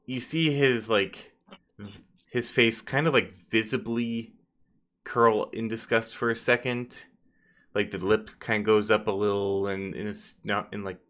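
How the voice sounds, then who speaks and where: A man running a tabletop game, describing scenes in a loose, filler-heavy way. His voice is bright and slightly low. He ruffles along with "like" and "you know". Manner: casual, filler-heavy narration. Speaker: game master.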